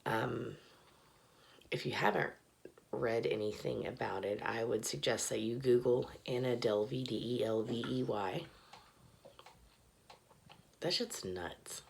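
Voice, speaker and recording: A woman's voice: extremely low pitch, slow, vocal fry, long pauses, a little mellow. A tipsy woman rambling casually and profanely in a bathroom, often dropping to a mutter. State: tipsy, slurring a little. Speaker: vlogger.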